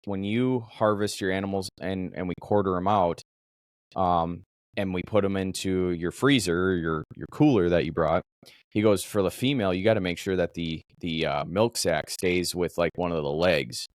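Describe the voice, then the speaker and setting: A man from Minnesota, a podcast host, telling a story in casual chat with animated swearing. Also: deep voice, normal speed, no echo, studio quality.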